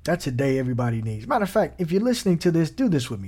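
A man's voice: mid-range voice, big pitch swings, racing, few pauses, dark tone, slightly rough. A man preaching an informal sermon, talking conversationally and repeating words of encouragement.

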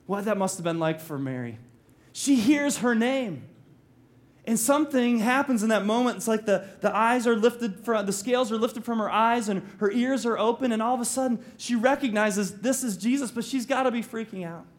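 A man's voice: very high-pitched, normal speed. A male pastor preaching a sermon, telling the story animatedly, acting out quotes and slipping in jokes.

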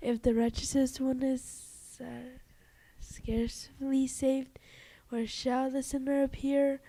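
Slow, halting woman reading prayers. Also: high voice, little pitch movement, warm tone, poor audio. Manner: halting, stumbles and restarts words. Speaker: prayer reader.

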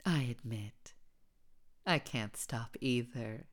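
A woman's voice: rumbling low, slow, exaggerated voice. A woman voicing a hungry male creature that feeds on suffering, speaking in a chiding, exasperated way. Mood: wry.

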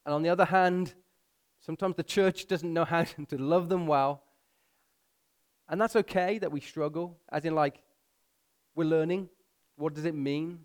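A pastor preaching a sermon, pushing his voice up for emphasis and slowing down to read scripture. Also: on the high side, clear, resonant tone.

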